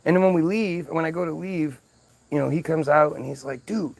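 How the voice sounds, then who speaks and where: Brief: male vlogger, fairly high gravelly voice, profane exasperated storytelling. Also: a little fast, no room sound. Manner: exasperated, profane, lots of restarts. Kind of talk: casual story-telling rant.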